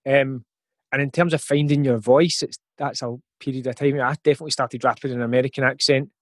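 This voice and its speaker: On a podcast interview, a Scottish rapper in his forties reflects and thinks aloud, leaning on plenty of fillers. He talks fast at a medium pitch with fairly even intonation, and there is no room sound.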